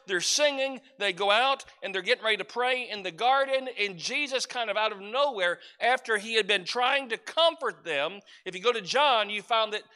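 A pastor whose voice sits high and sounds pushed and bright reads scripture and prays in a conversational sermon in a church sanctuary. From time to time he loses track and asks the congregation to help him.

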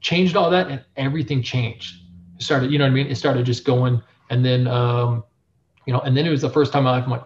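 A young adult man, a print shop owner, telling his story in a casual interview, animated and full of filler phrases. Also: mid-range voice, fairly quick, slight background noise. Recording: dull lo-fi sound.

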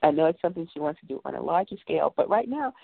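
A woman talk-show host speaks in an earnest, rambling way, full of fillers. Her voice sits low. It comes through a tinny, phone-like line with a dry, close sound. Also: expressive, racing, creaky, no room sound. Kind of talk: casual call-in radio talk.

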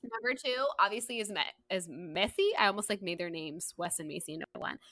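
A woman co-hosting a podcast, chatting casually about a book and gushing between loud squeals and low murmurs. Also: brisk, no room sound. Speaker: podcast co-host.

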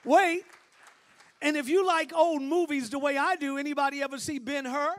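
A man preaching a sermon as bishop. He swings from hushed asides to shouted peaks and laughs and banters with the congregation. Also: very high voice, steady tone, a little fast, a faint crowd.

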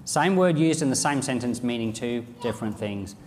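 A man preaching a sermon, reading scripture aloud and acting out the lines of imagined speakers in an animated way. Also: mid-range voice, moderate pace, big-room sound, a little hiss or hum.

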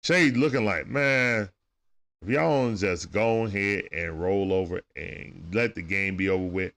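A man's voice: low voice, measured pace, creaky, fairly bright tone. A man with speech doing loose, chatty play-by-play on a livestream, talking back to players and viewers. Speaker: livestream game commentator. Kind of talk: casual play-by-play commentary.

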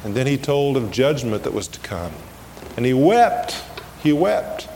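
A man preaches in an unhurried, deliberate cadence, leaning hard into each quoted verse and pausing to question his listeners. His voice rings out through a long church reverb, with a faint hiss underneath, like an old 1980s sanctuary recording. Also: medium pitch, big pitch swings. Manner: emphatic, slows down and swells on scripture quotes, asks the congregation questions. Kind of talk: sermon.

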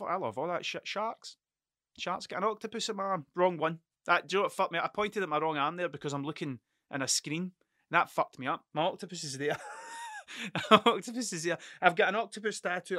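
Scottish man, podcast host, casual storytelling, sweary, animated, forceful tone, dry close sound. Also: fairly high pitch, no echo. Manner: sweary, animated, laughs often.

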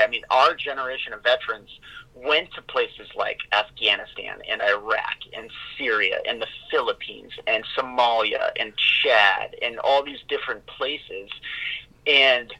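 A man giving an interview as founder of an organization, speaking in a halting, conversational way with many fillers and restarts. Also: mid-range voice, pushed and bright, poor audio.

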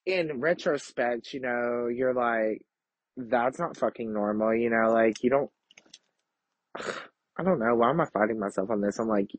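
A man's voice: medium pitch, unhurried, fairly bright tone, no echo. A young man hosting a podcast, talking in a brash, profane, campy confessional monologue. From Kentucky. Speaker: podcast host. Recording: dull lo-fi home recording.

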